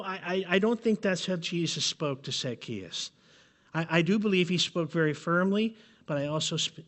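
A man preaching a sermon to his congregation, earnest and pleading, often letting his phrases drop to a soft close. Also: a little high. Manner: earnest, pleading, with dramatic drops in volume at phrase ends. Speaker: pastor. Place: church sanctuary.

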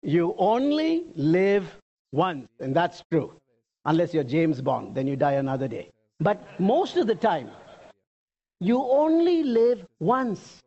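Lively preacher in a lo-fi recording. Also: mid-range voice, takes it slowly. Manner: animated preacher, addresses the congregation directly with questions. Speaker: pastor. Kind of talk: sermon.

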